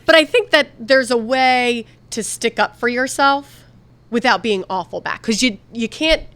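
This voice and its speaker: Middle-aged woman advice co-host, chatty, a bit high-pitched, restarts a lot. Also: measured pace, fairly bright tone. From Philadelphia area. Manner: chatty, restarts often when making a point. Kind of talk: casual TV advice chat.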